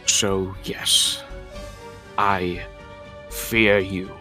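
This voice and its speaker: A man playing a grave, deep undead servant. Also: flat delivery, sharp tone, faint music behind, full character voice. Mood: solemn. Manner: grave, measured and emotionless. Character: undead male servant warrior, flat and obedient.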